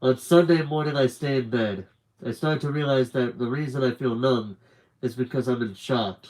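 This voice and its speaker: A man reads a novel aloud to a live audience, narrating in the first person. His delivery is earnest, plain and steady, at a middle pitch for a man. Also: moderate pace, low-quality recording. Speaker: book reader. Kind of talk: live book reading.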